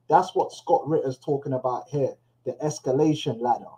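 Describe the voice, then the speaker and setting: A man's voice: medium pitch, normal speed, few pauses, mellow, low-quality recording. A man giving loose, slangy commentary on news clips, chuckling now and then. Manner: loose, slangy, laughs to himself. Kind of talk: casual commentary on played clips. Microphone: headphones on.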